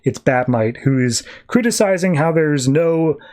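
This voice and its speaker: A man's voice: fairly high pitch, lively intonation, a little slow, a little mellow. A man hosting a podcast who recaps a comic book in a chatty, jokey way. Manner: chatty, jokey, acts out characters. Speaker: podcast host.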